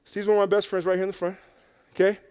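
A man telling a Bible story to children in a lively, playful way, acting it out and getting out of breath. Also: sits high, racing, smooth, big-room sound. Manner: energetic, playful, acts out the story. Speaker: children's preacher. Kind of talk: animated Bible story for kids. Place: church hall with an audience.

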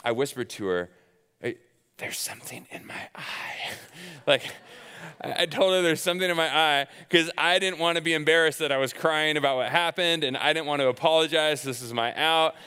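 A man's voice: on the high side, quick pace, hardly any pauses, sharp tone, clear, resonant tone. A man in his thirties preaching a sermon, casual and conversational, telling personal stories with self-deprecating humor. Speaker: pastor. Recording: long hall reverb.

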